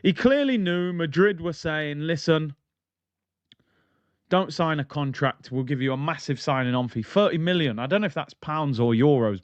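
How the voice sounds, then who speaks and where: This football channel host delivers a blunt, impassioned rant to his livestream audience. His fairly high voice carries no echo, and the audio comes across dry, dull, and lo-fi.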